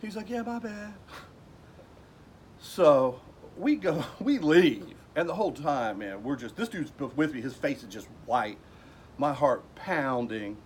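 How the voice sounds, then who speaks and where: A man's voice: medium pitch, lively intonation, unhurried, slight background noise. A man casually telling a personal story at home in a rambling way, acting out the people he quotes.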